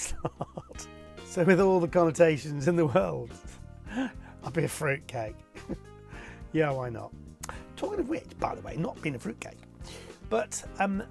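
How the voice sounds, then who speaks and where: A man's voice: fairly high pitch, creaky, darkish tone. Chuckling man answering viewer questions. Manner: chuckles often, playful and self-mocking. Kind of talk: casual chat.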